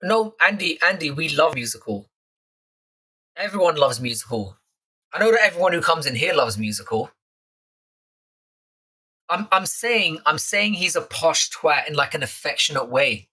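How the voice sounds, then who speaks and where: A man's voice: on the high side, expressive, moderate pace, pauses often, pushed and bright. A young man with a London accent hosting a live stream chat, casually swearing and teasing the viewers in his chat.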